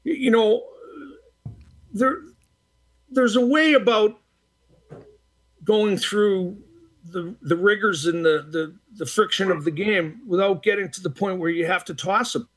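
A man's voice: sits high, unhurried, long pauses. A man from the Boston area telling anecdotes in a casual interview, acting out quoted exchanges between filler-laden restarts. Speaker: retired hockey referee, guest.

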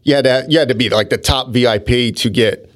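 A man spins a loose, animated story in casual conversation. His voice sits in an ordinary middle pitch, and he doubles back and restarts his sentences as he goes. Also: fairly quick. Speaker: podcast co-host telling stories.

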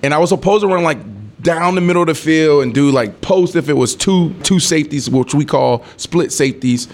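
Animated man telling a sports story. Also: on the high side, brisk. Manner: animated storyteller who acts out quotes, swears, laughs. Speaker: former NFL wide receiver, guest. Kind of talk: casual storytelling interview.

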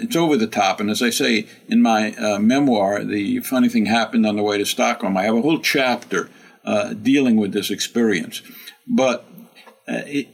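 An older man telling a story as an interview guest, measured, with frequent "uh" fillers and dry humor. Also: mid-range voice, rough recording. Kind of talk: conversational storytelling.

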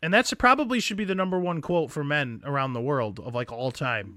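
Bright animated guy cohosting a podcast, dry close mic. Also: on the high side, brisk, hardly any pauses, no room sound. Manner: animated, acts out scenes in exaggerated voices. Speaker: podcast co-host. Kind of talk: casual chat.

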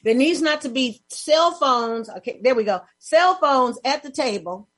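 A woman's voice: sits high, expressive, unhurried, a bit bright. A woman hosting an interview in casual chat, speaking emphatically and repeating words for stress. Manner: emphatic, repeats words to drive a point home. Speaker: host.

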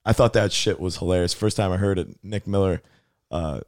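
A man co-hosting a podcast in casual chat, laid-back and joking, with quiet asides. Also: deep voice, a little fast, no echo, clean studio sound. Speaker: podcast co-host.

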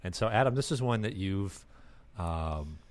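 A man's voice: deep voice, expressive, a little slow. A man hosting a podcast, chatting casually and laughing often as he talks. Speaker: podcast host.

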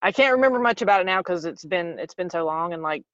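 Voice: mid-range voice, lively intonation, a bit bright, no room sound, dull audio. A guest with a Southern US accent chatting casually, laughing often and poking fun at themselves. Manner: laughs often, quick and self-deprecating. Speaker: podcast guest. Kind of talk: casual conversation.

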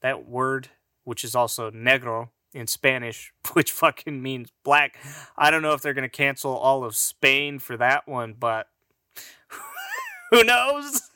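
A man with Mexican roots talks through a loose solo monologue, swearing freely and chuckling at his own lines. His voice is bright and forward. The sound is dry and close, with no room around it. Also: medium pitch, huge pitch swings, takes it slowly, no room sound. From Mexican heritage. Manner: rambling, profane, laughs at own jokes. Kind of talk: casual profane monologue.

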